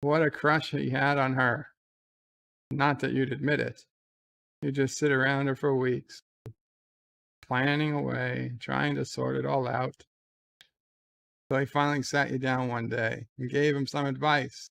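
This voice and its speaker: A man's voice: medium pitch, flat delivery, measured pace, vocal fry, long pauses, fairly bright tone. A man giving casual live commentary on a TV episode, retelling the scenes in a chatty way. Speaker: show commentator.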